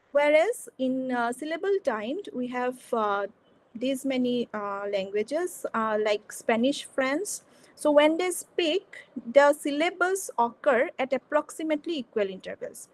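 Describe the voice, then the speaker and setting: A woman lecturing at a workshop, explaining slowly with frequent fillers and restarted phrases. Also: high-pitched, low-quality recording. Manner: hesitant, repeats words and restarts often. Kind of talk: academic lecture.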